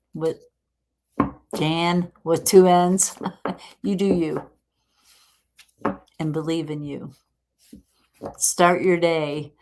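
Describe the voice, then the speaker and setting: A woman with a low, deep voice gives a casual live tarot reading. She talks slowly and warmly encouraging, chatting to viewers and laughing often. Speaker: tarot reader host.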